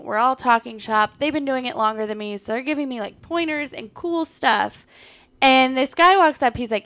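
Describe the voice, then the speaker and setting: A woman comedian co-hosting a podcast, telling a story in casual chat, animated, blunt and profane. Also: sits high.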